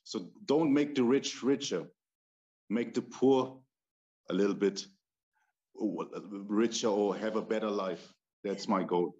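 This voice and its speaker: A man from Turkey, a podcast guest, chatting earnestly in halting English with many restarts and easy laughter. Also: lowish voice, darkish tone. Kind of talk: casual interview chat. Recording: dull lo-fi remote audio.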